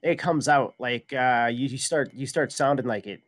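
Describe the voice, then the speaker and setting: A man's voice: mid-range voice, normal speed, no room sound. A man co-hosting a talk show, telling stories in casual chat full of fillers and swearing. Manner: storytelling, filler-heavy, profane. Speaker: co-host.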